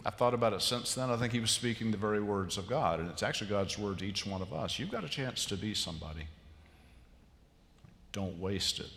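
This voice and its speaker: A man's voice: lowish voice, fairly bright tone. A man preaching a sermon as pastor, conversational and self-amused, slipping into voices of biblical figures. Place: large church sanctuary. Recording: long hall reverb of a church.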